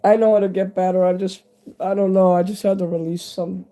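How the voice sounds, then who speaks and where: Man in his fifties, live streamer. Hoarse, stuffy-nosed, mellow voice, rambling and candid. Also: sits high, level tone, a little fast. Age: 50s. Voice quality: stuffy nose. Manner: rambling, candid, talks straight to viewers. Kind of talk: casual live-stream chat with viewers.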